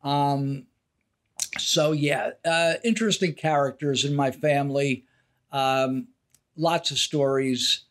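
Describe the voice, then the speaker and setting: An older man, co-hosting a podcast, takes his time recounting family stories in casual conversation, his voice mid-range. He's a lively storyteller who acts out quotes by raising his voice.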